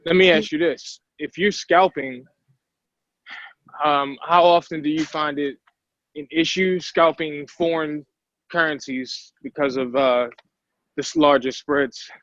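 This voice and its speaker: Caller man, slightly high voice, hesitant and rambling, on dry dull lo-fi audio. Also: unhurried, fairly bright tone, no echo. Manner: hesitant, filler-heavy, rambling. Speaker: caller asking questions. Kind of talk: casual call-in chat.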